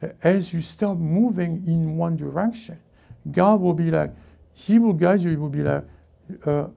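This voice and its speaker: Gravelly dark-voiced male pastor preaching. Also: fairly high pitch. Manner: halting, self-correcting preaching with many restarts. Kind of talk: sermon. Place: church service before a congregation.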